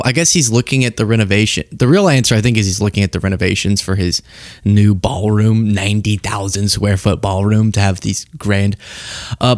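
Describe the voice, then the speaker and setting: A man's voice: on the low side, no room sound. Young male commentary host, joking and sarcastic, dry close sound. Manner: sarcastic, animated, laughs while talking. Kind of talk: comedic political commentary.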